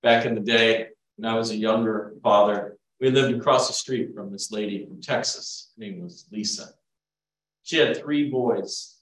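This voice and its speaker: A man preaching a sermon, swinging between hushed asides and loud emphasis. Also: on the low side, moderate pace. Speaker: pastor. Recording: echoey room, mic from far off.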